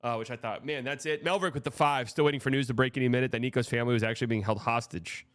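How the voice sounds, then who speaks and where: Rapid-fire and a bit bright, his mid-range voice keeps fairly even intonation, captured in studio quality with no echo. The man hosts a casual live stream about sports news, rambling frankly, swearing often and restarting his sentences.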